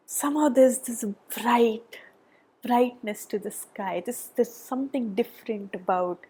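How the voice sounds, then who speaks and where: A woman giving a tarot reading, gushing and excitable, often dropping to a soft whisper, a little out of breath. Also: on the high side, breathy edge. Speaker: tarot reader. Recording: background noise.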